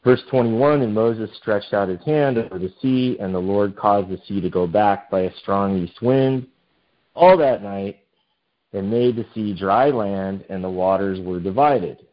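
A man's voice: on the low side, a little slow. Man preaching a casual Bible study. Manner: reads scripture then comments conversationally, many fillers. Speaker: pastor. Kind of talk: informal Bible study sermon. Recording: dull lo-fi sound.

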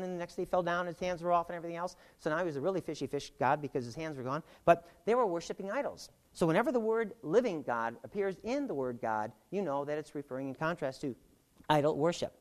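Bible study teacher, lively swooping pitch, jokey asides, hammers points home by repeating them. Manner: animated, joking asides and puns; repeats key points for emphasis.

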